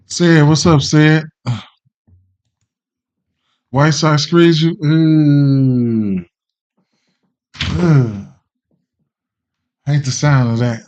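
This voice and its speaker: A man's voice: on the high side, a little mellow. A man hosting a sports betting livestream, chatting casually in a loose, rambling, slangy way and greeting viewers by name. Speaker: sports betting podcast host. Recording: dull lo-fi stream audio.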